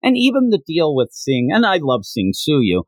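A man talking casually on a podcast, his pitch swinging up and down as he gets excited about scenes. He often laughs mid-sentence. The sound is dry and close, with no room around it. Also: normal speed, dry recording, poor audio. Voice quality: animated, laughs while retelling scenes. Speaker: podcast co-host. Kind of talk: casual manga discussion.

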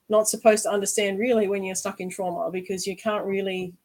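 A woman's voice: mid-range voice, level tone, normal speed, darkish tone, rough recording. A woman hosting a candid conversation, earnest and reflective, often asking "right?". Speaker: host.

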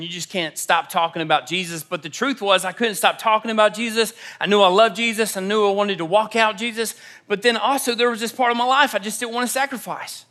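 A young man delivers a sermon in a church in a notably high, ringing voice. He tells stories from his own life casually and slips into the voices of the people in them. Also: pushed and bright. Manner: storytelling, acts out quoted dialogue. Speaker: pastor. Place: church auditorium.

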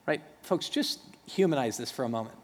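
A man preaching a sermon as pastor, animated and conversational, acting out the dialogue between speakers in the story with asides to the congregation. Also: mid-range voice, a little fast. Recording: reverberant hall.

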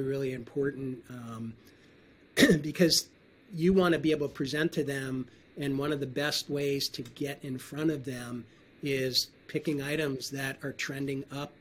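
A man talking casually as a wine trade guest in an interview, relaxed and often clearing his throat. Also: medium pitch, moderate pace.

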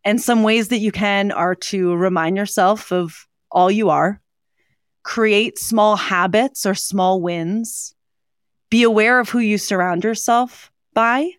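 A woman's voice: medium pitch, slow, dry recording. A woman co-hosting a podcast, speaking in an earnest, conversational way with frequent ums and you-knows. Her voice sits in a middle register and is recorded close and dry, with no room sound. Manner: warm, earnest, with frequent fillers. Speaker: podcast co-host. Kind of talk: casual chat on hope and mental health.

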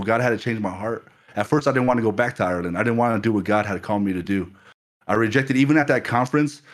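A male pastor preaching a fervent sermon, often repeating himself and asking the listeners if they are still with him. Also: medium pitch.

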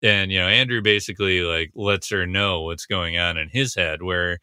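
A man talks through a TV scene in a casual, analytical way, recapping dialogue and pausing often on fillers. His fairly low voice has a very bright, sharp edge. The sound is close and dry with no room echo. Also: smooth. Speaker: commentator breaking down a TV scene.

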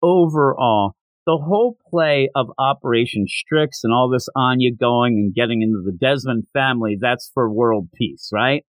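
At medium pitch and moderate pace, a man hosts a casual manga recap podcast on a dry recording with poor audio. He tells the chapter animatedly, quoting the characters as he goes.

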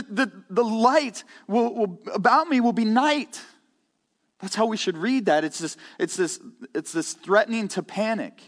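A middle-aged man preaching a sermon, earnest, repeating words as he starts each thought and growing louder when he stresses a point. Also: on the high side. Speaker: pastor. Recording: long reverb of a hall.

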